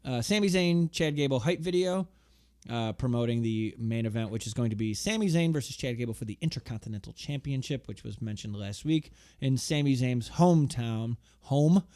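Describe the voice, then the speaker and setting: A man's voice: mid-range voice, animated, brisk, a little mellow, clear, resonant tone, no echo, clean studio sound. A man co-hosting a podcast in casual chat, wry and joking, easily agreeing. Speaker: podcast co-host.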